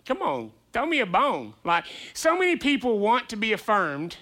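A man's voice: high-pitched, huge pitch swings, normal speed, bright, forceful tone. A male pastor preaching a conversational sermon, chatty and playful, asking rhetorical questions.

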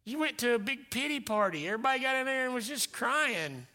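A male pastor delivering a dynamic sermon, swinging between loud exclamations and hushed whispers. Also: extremely high pitch, big pitch swings, fast talker.

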